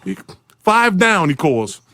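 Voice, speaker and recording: Against a loud crowd, a gravelly-voiced man slowly and very animatedly tells a sports story as a guest storyteller. He acts out quotes in jumpy voices with big pitch jumps and laughs a lot.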